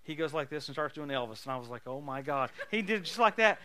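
A man preaching a sermon, telling stories in an animated, folksy way and laughing often. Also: a little high, fast talker. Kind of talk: sermon with storytelling.

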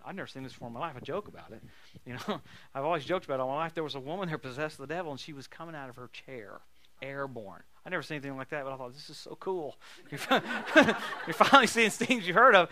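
A man preaching a sermon, telling stories in an animated, folksy way and laughing often. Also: a little high, quick pace. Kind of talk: sermon with storytelling.

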